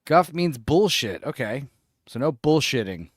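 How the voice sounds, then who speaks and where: A man's voice: medium pitch, big pitch swings, measured pace, dry recording. A man co-hosting a casual podcast, joking wryly as he comments on a show he is watching. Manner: wry, joking, muses aloud. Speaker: podcast co-host.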